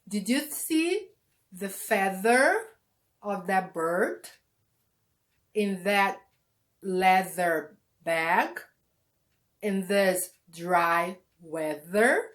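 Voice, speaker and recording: Woman, teacher, very slow, patient, repeats words, pronunciation lesson. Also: mid-range voice. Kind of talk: online English lesson.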